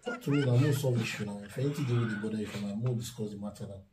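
A man's voice: lowish voice, rapid-fire, roomy sound, recorded from a distance, music in the background. A Nigerian man in a casual home vlog, pleadingly asking his wife the same worried questions again and again. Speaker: husband in a prank video.

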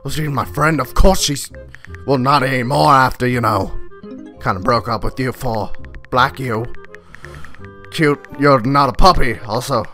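A man voicing a hot-tempered, proud alien warrior father in a comedic reaction parody, foul-mouthed and indignant, with a gravelly voice. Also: medium pitch, a little slow, long pauses, pushed and bright, faint music behind. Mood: disgusted grumbling.

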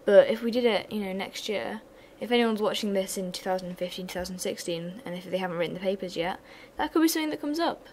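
Young woman, revision tutor, chatty asides, mid-pitched voice, faint hiss behind. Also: level tone, fast, hardly any pauses, a little mellow, low-quality recording. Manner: chatty, self-deprecating asides. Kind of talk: economics revision lesson.

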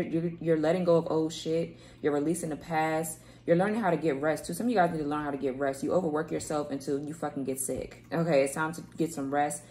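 Speaking in a deep voice with a darkish tone, a tarot reader does a loose, rambling reading to camera, repeating words and swearing casually. She's in a home room with kids playing outside, and there's slight background noise.

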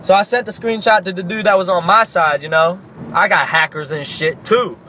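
Animated young man with a high voice. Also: normal speed. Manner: animated, profane, jumps into sudden shouts. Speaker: comedic storyteller. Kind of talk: casual comedic storytelling.

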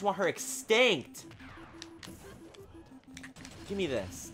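Excitable man yelling over gameplay. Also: high-pitched, unhurried, faint music behind. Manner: excitable, exasperated, bursts into shouts. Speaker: gaming video creator. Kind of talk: live gameplay commentary.

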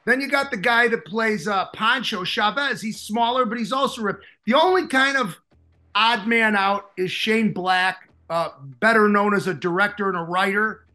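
A man with a thick Chicago accent, co-hosting a casual movie chat and telling a film story in a jokey, animated way. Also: sits high, normal speed. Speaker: co-host.

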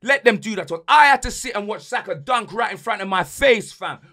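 A young man rants furiously about his football team, piling on slang. His voice sits high and swings wildly up and down, with a bright, sharp edge. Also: expressive, brisk. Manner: angry, ranting, heavy slang. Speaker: podcast host and football fan. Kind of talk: heated fan rant.

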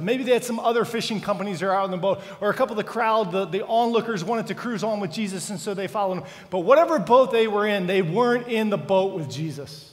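A man preaching a sermon as pastor, dramatic and full of questions to the congregation. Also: high voice. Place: church sanctuary. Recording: church hall reverb.

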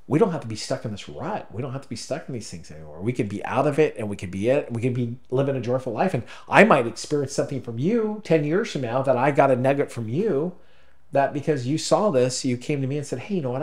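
A man co-hosting a podcast, telling a story in halting, emotional casual talk, choked up at times. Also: mid-range voice. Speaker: podcast co-host. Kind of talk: casual conversation.

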